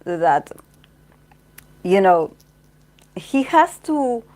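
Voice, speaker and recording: A woman's voice: medium pitch, sing-song, extremely slow, a little mellow. Female tarot reader, casual and chatty, rambles through her readings with lots of fillers. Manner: rambling, heavy use of "like" and "you know".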